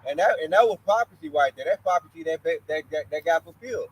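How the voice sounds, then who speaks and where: A man in a casual religious discussion who speaks haltingly and repeats words as he makes his point. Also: fairly high pitch, animated, breathy edge, lo-fi sound.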